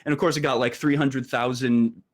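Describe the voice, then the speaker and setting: A man speaking as a guest on a talk show. His voice has a medium pitch, and he talks haltingly, with lots of fillers and restarts. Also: steady tone. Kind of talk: casual political talk.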